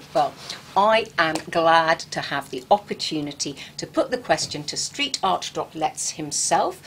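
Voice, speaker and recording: A woman's voice: sits low, animated, measured pace, fairly bright tone, slight background noise, rough recording. A woman with an English accent hosting an interview, asking questions with enthusiasm and small stumbles. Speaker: radio-style show host, interviewer. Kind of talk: interview chat.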